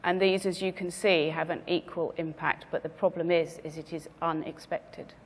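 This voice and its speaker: A woman speaker giving a measured business presentation to a conference audience, stressing her key words. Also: sits low, fairly even intonation, long reverb tail. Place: conference venue.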